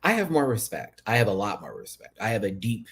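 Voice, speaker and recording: A man hosting a casual livestream chat as a drag performer, sassy and chatty, with sudden high-pitched exclamations. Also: huge pitch swings, fairly quick, fairly bright tone. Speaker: YouTube host and drag performer.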